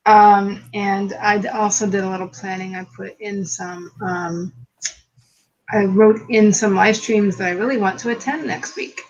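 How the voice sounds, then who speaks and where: A woman's voice: medium pitch, fairly even intonation, a little slow. A woman rambling through her writing update, restarting her sentences, over muffled lo-fi call audio. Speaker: guest writer. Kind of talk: casual chat.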